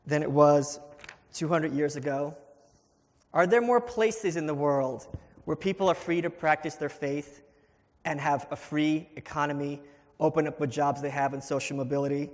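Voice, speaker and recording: A man making his case at a live debate, combative with a sardonic edge. His voice sits slightly high. A long hall reverb trails every phrase. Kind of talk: live debate closing statement. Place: event hall before an audience.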